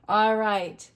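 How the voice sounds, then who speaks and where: A woman's voice: medium pitch, clear, resonant tone. A woman reads tarot to her viewers in an earnest, motivational way. She is middle-aged and talks straight to camera. She urges her listeners on and repeats her key phrases for emphasis. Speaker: tarot reader. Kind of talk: encouraging tarot reading to camera.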